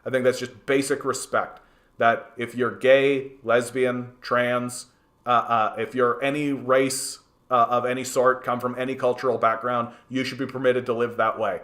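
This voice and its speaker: A man from Canada delivers livestream commentary on politics in a mid-range, fairly bright voice with a level tone and normal speed. Responding to chat, he's heated and swears freely, stammering through numerous restarts.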